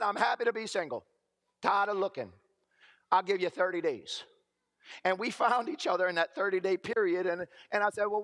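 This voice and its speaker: Middle-aged male preacher, high tenor, fervent testimony style, hammers phrases through repetition. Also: fairly bright tone. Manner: emphatic, repeats phrases for effect. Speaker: guest speaker giving testimony. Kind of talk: personal testimony at a church camp meeting.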